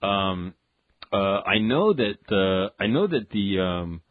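A man's voice: sits low, animated, slow pace, no echo, narrow, tinny audio. A man hosting a radio talk show, chatting casually and rambling with jokes. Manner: rambling, jokey, acts out quotes.

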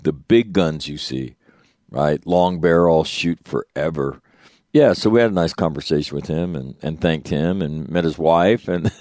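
Middle-aged man, very low voice, dry close sound; casual rambling storyteller, salty language. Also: no room sound. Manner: rambling, animated, profane.

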